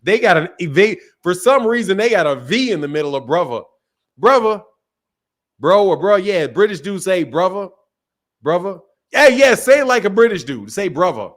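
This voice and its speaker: A man's voice: high voice, big pitch swings, a little fast, few pauses. A man hosting a live stream, chatting casually with callers in a loose, profane, teasing way.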